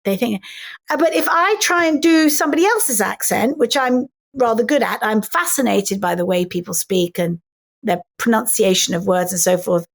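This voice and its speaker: A middle-aged English woman chats in an animated, playful way as an interview guest. Her voice sits a little high, and she readily slides into other people's ways of talking. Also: normal speed, gravelly. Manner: animated and playful, slipping into mimicry. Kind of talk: casual interview chat.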